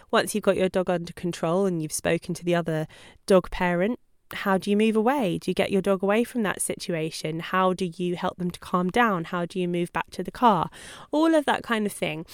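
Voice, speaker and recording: A woman dog trainer teaching a simple calming method in a chatty, friendly way, often laughing between points. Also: fairly low pitch, moderate pace, no echo, studio quality. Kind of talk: talking-head lesson.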